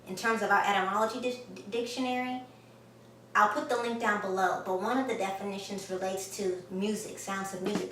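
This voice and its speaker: A grammar teacher gives an online lesson straight to the viewer, emphatic and enthusiastic, in a mid-range voice that sounds pushed and bright. She's off-mic and recorded from a distance in an echoey room, with slight background noise.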